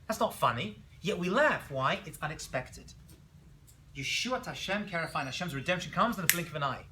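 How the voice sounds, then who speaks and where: A man teaching a class as a rabbi, telling jokes and stories in an animated way and throwing questions at his students. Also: on the high side, brisk. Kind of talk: classroom lecture.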